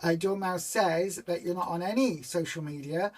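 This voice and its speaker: A woman's voice: lowish voice, moderate pace, darkish tone. Chatty woman hosting a live stream. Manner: chatty and rambling, self-mocking about bad puns. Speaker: host of a weight-loss group live stream. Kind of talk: casual live-stream chat reading viewer comments.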